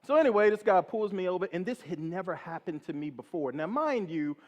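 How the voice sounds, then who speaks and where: Animated man telling a story in a hall. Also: sits high, fairly quick. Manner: animated, laughs at his own story. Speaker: speaker telling a personal story. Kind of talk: comic storytelling on stage. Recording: long hall reverb.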